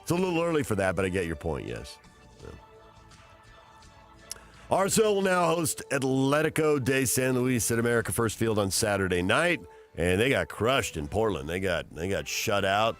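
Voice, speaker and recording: A man's voice: fairly low pitch, normal speed, faint music behind. A man hosting a sports talk radio show, chatting about the games and reading headlines and promos. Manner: energetic, reads promos and headlines.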